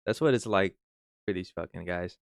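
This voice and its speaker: Deep-voiced man swearing through a reaction stream. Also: moderate pace, creaky, no echo, studio quality. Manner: profane, joking, mocking. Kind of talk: casual reaction commentary.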